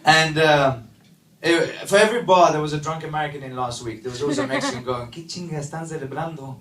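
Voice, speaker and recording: A man from Sweden, doing a stand-up comedy set with deadpan asides and quick punchlines. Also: fairly high pitch, far from the mic, background noise. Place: comedy club stage. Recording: echoey club mic from afar, crowd laughter. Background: audience laughter.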